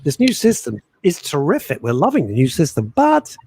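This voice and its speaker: Man, middle-aged, radio co-host, joking banter, very animated pitch. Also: fairly quick, slight background noise. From England. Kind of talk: casual chat radio show.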